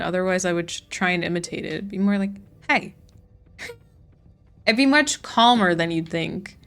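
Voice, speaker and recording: Here a woman with a smooth, mid-range voice and a fairly bright tone streams a farming game. She keeps up casual, chatty talk with viewers, reading and responding to chat while she plays.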